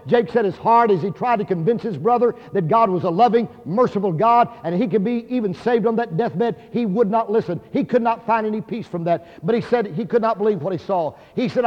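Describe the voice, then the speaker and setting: A man's voice: sits high, a little fast, hardly any pauses. A man preaching a sermon, telling a story in an earnest, dramatic way. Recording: dull sound, hall reverb.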